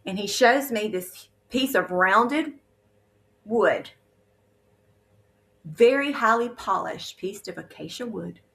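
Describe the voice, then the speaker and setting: A woman in her fifties tells her spiritual testimony with earnest, vivid detail. Her voice has a gravelly, creaky edge, at an ordinary middle pitch. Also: lively intonation, takes it slowly, long pauses, fairly bright tone. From Alabama, USA. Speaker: guest sharing a testimony.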